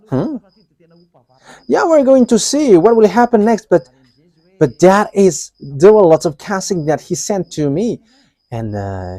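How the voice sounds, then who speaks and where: A man delivers a live sermon in a halting, restart-filled way, chuckling often between thoughts. His voice sits a bit high but has a mellow, dark tone. The sound is dry and close, with no room echo. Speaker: preacher.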